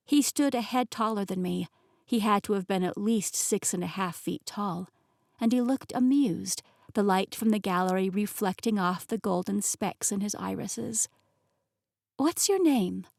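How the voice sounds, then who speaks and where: A woman narrating a novel in the first person, telling the story in an expressive, emotionally engaged way. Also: medium pitch, normal speed, gravelly, dry recording, clean studio sound. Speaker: audiobook narrator.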